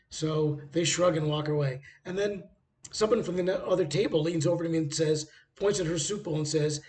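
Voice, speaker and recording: A man's voice: on the high side, fairly quick, a little mellow. A man vlogging casually from a hotel room by a busy street, rambling through travel anecdotes with frequent hesitations.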